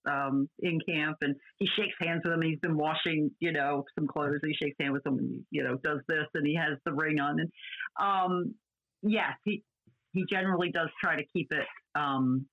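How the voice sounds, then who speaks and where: A woman's voice: sits low, fairly even intonation, normal speed. A woman co-hosting a casual chat, talking in a chatty way with many restarts and fillers. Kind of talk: casual chat about classic TV. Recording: dull lo-fi audio.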